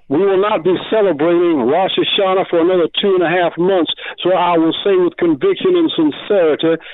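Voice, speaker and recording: A man's voice: high voice, dry recording. Formal Southern man on a phone line. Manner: formal, flowery and oratorical. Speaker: caller. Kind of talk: call-in radio caller.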